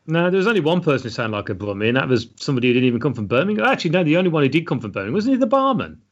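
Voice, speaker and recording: A man's voice: fairly high pitch, big pitch swings, racing. A man co-hosting a casual film podcast, reading out film facts in a matter-of-fact way. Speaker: podcast co-host. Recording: dull lo-fi sound.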